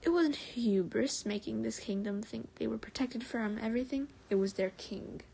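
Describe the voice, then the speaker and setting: A woman streamer reading fan fiction aloud on a live stream, often soft and breathy, stumbling and correcting herself and chatting with viewers in between. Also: fairly high pitch, normal speed, few pauses, a little hiss or hum.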